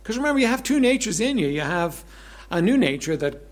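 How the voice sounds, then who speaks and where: A man preaching a sermon as pastor, conversational, repeating words and clearing his throat often, swinging between emphatic lines and soft asides. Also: high-pitched, sing-song, fairly quick.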